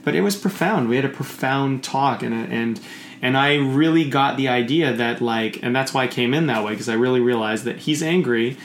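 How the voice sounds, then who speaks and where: A man talking in casual conversation, rambling and animated, often swearing and acting out the voices he quotes. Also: medium pitch, moderate pace. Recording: echoey room with faint noise.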